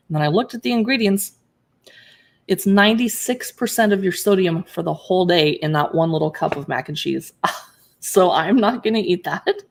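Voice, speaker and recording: Chatty woman leafing through a cookbook. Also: medium pitch. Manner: chatty, reacts aloud to recipes and chat. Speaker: cookbook blogger and live streamer. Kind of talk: casual live stream chat.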